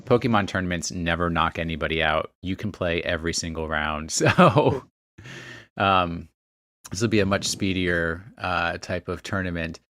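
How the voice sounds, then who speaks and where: A man's voice: low voice, fairly even intonation, normal speed, fairly bright tone, slight background noise. A man hosting a casual podcast, reading out a list of places and dates with chatty asides. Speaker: podcast host.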